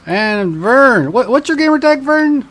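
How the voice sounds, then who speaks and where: High-voiced man hosting a group call. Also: very animated, measured pace, a bit bright. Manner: upbeat, introducing guests. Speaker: podcast host. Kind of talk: casual group chat.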